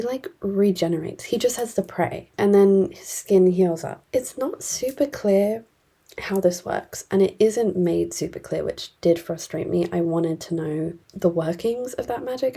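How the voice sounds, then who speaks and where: A woman's voice: medium pitch, warm tone, breathy edge. A woman casually retelling and reviewing a fantasy novel, chatty and blunt, with many fillers. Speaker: book reviewer.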